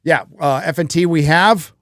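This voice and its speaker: A man's voice: on the high side, normal speed, no room sound, clean studio sound. A man hosting a casual live stream, talking bluntly with frequent swearing. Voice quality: profane, blunt. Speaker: livestream host.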